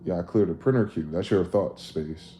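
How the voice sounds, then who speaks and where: A man casually riffing on a livestream, profane and animated, acting out both sides of conversations. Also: sits low, brisk. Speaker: livestream host. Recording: echoey room with faint ambient noise.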